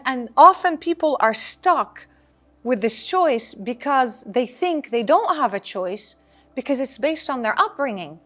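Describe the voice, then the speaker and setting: A woman parenting coach answering interview questions, talking in an animated, emphatic way and repeating phrases for effect. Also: fairly high pitch.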